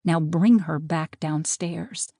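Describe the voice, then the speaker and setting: A woman's voice: deep voice, slow pace, warm tone, no room sound, studio quality. A woman voicing a stern, commanding male pack leader who speaks stiffly and in clipped phrases.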